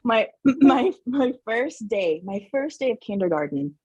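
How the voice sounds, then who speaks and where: A middle-aged woman from Southern New Mexico, a podcast guest telling family stories in a lively, laughing way full of "like". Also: fairly high pitch, measured pace, breathy edge, no echo, muffled recording. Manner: animated, laughing, many "like" fillers. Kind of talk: casual storytelling interview.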